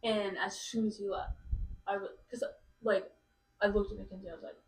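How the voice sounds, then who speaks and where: A woman's voice: medium pitch, little pitch movement, normal speed, recorded from a distance. A young adult woman, a podcast guest, chatting casually and rambling through a story with lots of filler words. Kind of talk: casual chat. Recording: roomy sound from off mic.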